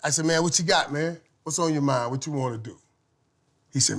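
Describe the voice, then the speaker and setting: Middle-aged guy on a podcast, big animated storyteller, laughs a lot, gets loud then real quiet. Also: fairly high pitch, brisk. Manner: lively, laughs often, swings from loud to hushed. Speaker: podcast guest, former football player. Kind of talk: animated storytelling in casual chat.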